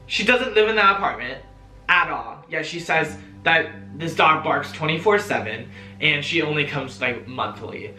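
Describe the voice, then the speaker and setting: A young man telling a story-time vlog in a chatty, animated way, full of fillers and swearing. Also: fairly high pitch, normal speed. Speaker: vlogger. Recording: roomy echo, faint music.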